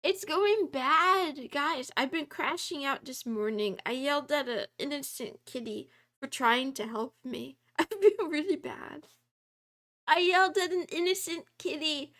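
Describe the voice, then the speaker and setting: A woman's voice: high voice, unhurried, fairly bright tone. A woman streamer chatting casually with her viewers and reading their messages aloud. She giggles often, puts herself down playfully and drops in little meows.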